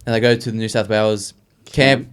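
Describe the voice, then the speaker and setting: A man's voice: fairly low pitch, fairly even intonation, brisk, clear, resonant tone. A young man, co-hosting a casual podcast and telling rambling, profane stories. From Australia. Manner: rambling storyteller, swears freely. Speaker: podcast co-host. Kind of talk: casual chat.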